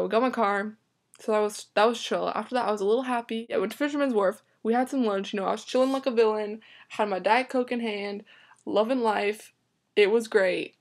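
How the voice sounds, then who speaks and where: A young woman vlogger telling a story casually, dramatic and exasperated, swearing freely and filling her talk with "like". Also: mid-range voice.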